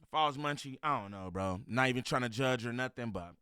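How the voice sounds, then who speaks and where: A man giving a loud, profane reaction commentary, mocking and heckling as he talks. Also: mid-range voice, fast talker, clear, resonant tone, dry recording, clean studio sound.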